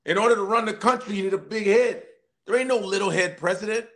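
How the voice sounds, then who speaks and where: A man jokes and riffs through casual podcast banter. His voice sits a little higher than most men's, loose and playful. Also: fast talker, fairly bright tone. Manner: joking, riffing, mock voices. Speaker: podcast co-host.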